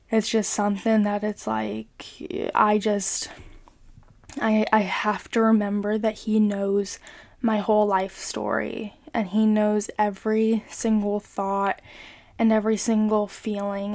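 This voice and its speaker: A young woman talking casually and earnestly about her faith, hesitant and full of filler words. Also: medium pitch. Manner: hesitant, full of ums and you-knows; earnest, soft-spoken. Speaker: vlogger sharing a faith reflection. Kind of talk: casual devotional talk.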